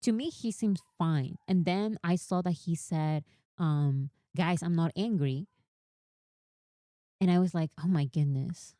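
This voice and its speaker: A woman chatting on her live stream, giving animated fan commentary and reading quotes aloud. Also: lowish voice, measured pace, pauses often, dry recording, clean studio sound.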